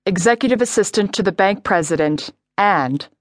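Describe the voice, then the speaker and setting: A woman's voice: mid-range voice, lively intonation, normal speed, dry recording, studio quality, natural voice. A woman voicing a cool, self-assured male FBI agent. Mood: calm. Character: smooth male undercover FBI agent, unflappable. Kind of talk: audiobook character voice.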